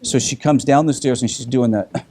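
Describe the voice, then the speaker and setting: A middle-aged man teaching in a casual group discussion, telling lively stories with frequent restarts. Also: mid-range voice, moderate pace, a little hiss or hum. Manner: animated storyteller with frequent restarts.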